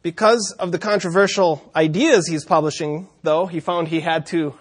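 A man delivers a sermon as a long story, his voice sitting a touch higher than most men's. He drops wry asides and small chuckles as he narrates. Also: fairly even intonation, normal speed. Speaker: preacher.

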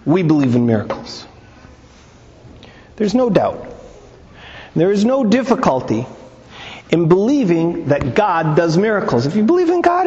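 A man's voice: sits high, darkish tone, slight background noise. A man giving a conversational teaching on scripture and Talmud, retelling stories and asking rhetorical questions. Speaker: Bible teacher. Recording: long reverb, dull lo-fi sound.

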